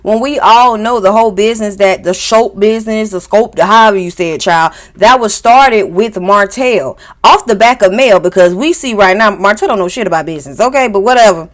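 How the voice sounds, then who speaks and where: A woman hosting a casual reality TV recap, telling it in a sassy, animated way and acting out what people said. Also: medium pitch, fairly quick, hardly any pauses. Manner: sassy, animated storytelling, acts out quotes. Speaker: host.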